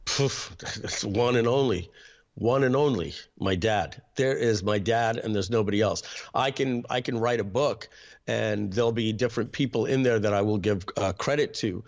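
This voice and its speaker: Man telling family stories, clearing throat. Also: lowish voice, moderate pace, lo-fi sound. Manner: reflective, frequent throat clearing. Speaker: interview guest, internet marketer. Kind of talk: personal storytelling in an interview.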